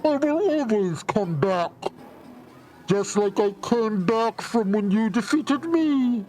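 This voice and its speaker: A man voicing a scheming male alien warlord, speaking slowly and muffled through a hand over his mouth. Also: a little high, expressive, creaky, a little hiss or hum, voice pushed down. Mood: gloating.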